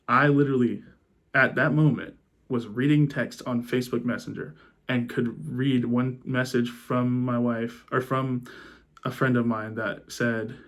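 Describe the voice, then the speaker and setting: A young man telling a personal story in a subdued, halting way, restarting his sentences and choking up at moments. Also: mid-range voice, steady tone. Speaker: vlogger.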